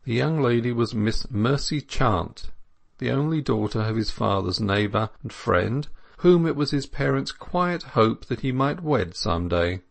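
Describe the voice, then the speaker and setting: A man narrating a classic novel as an audiobook in a measured, even reading. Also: mid-range voice, vocal fry.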